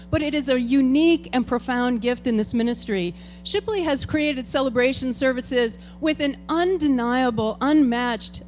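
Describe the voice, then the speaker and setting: A high-pitched, slightly mellow female voice belongs to a board president hosting a farewell tribute. She talks to the congregation in a church hall in a casual, chatty manner during the ceremony address.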